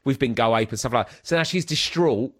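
This man speaks at medium pitch, a little fast. He's a comedian who hosts a podcast, and in a laid-back conversation he tells a story with lots of animation, performing the different voices himself.

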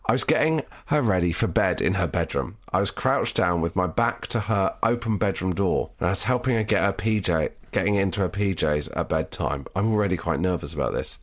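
A man co-hosting a casual podcast, reading listener emails aloud and slowing down for the tense parts. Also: low voice, animated. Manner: reads listener stories aloud, slows and drops his voice for the scary parts. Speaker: podcast co-host.

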